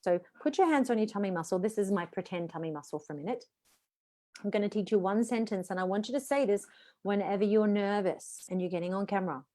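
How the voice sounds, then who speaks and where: Expressive Australian woman voice coach. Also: medium pitch, fast. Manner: expressive, varied inflection, answers questions from chat. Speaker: voice and presentation coach. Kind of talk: live online voice workshop.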